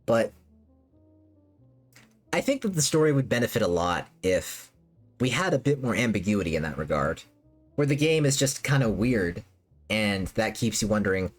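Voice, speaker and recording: A woman's voice: rumbling low, very animated, normal speed, pauses often. A woman streamer chatting casually with her live chat, rambling and repeating herself with lots of fillers. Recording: faint music behind.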